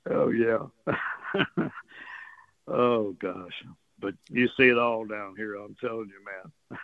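Slow and on the low side, with vocal fry, a man from the Texas coast shares folksy, rambling stories as a radio guest and chuckles often. The phone call sounds tinny and has no echo.

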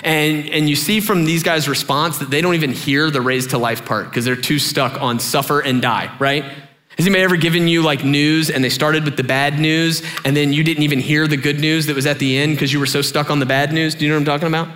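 A young adult man preaching a sermon as pastor, conversational and animated, using many fillers and acting out voices. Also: a little fast. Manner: animated, conversational, acts out voices with big pitch jumps; filler-heavy, says "like" often.

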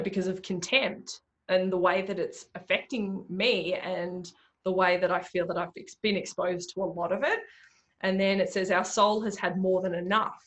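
A woman hosting a solo business podcast, chatting casually with lots of fillers. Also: lowish voice. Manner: chatty, animated, many fillers like "you know" and "like". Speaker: podcast host, bookkeeping business owner.

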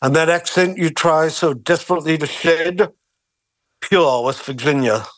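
Aussie bloke doing a creepy posh killer voice, slow silky taunting, dry close sound. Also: male voice, a little high, dry recording, close to an everyday voice. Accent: Australian. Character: menacing cultured male psychiatrist killer.

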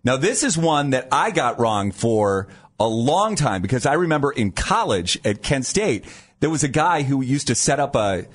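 A man's voice: medium pitch, sing-song, moderate pace, husky. A middle-aged man co-hosting a morning radio show, chatty and stumbling over words. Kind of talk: casual radio banter.

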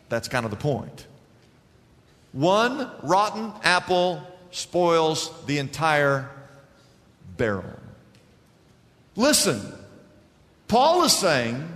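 Bright high voiced preacher guy, swings up and down a lot, echoey church hall. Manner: emphatic preacher, call-and-response, stretches key words. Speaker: pastor. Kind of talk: sermon. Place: church sanctuary.

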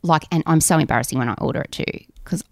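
A woman in her forties, co-hosting a podcast, telling animated stories in casual chat and swearing freely. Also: deep voice, racing, gravelly, no echo, studio quality. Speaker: podcast co-host.

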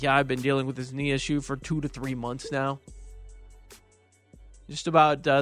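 A man's voice: medium pitch, fairly bright tone, no room sound. A man hosting a sports talk radio show, opinionated and wry, taking callers and reading texts in the studio. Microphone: studio microphone.

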